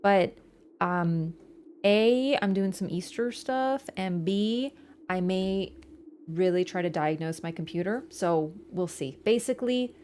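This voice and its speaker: A woman's voice: on the low side, slow, darkish tone, slight background noise. A young woman game streamer wrapping up her livestream in a rambling, chatty way, with casual swearing. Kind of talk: casual livestream sign-off chat.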